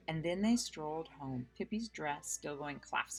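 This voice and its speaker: A woman reading a children's book aloud in an unhurried, friendly storytelling manner, with casual asides. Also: deep voice, lively intonation, vocal fry, husky. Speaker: reader.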